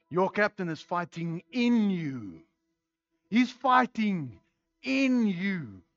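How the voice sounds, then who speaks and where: Fiery high-voiced New Zealand pastor. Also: male voice, muffled recording. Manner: fiery, swings from shouting to quiet tenderness. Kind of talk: sermon.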